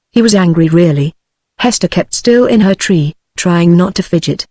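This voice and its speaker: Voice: medium pitch, moderate pace, no room sound. Dry text-to-speech audiobook narrator. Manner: even, mechanical reading.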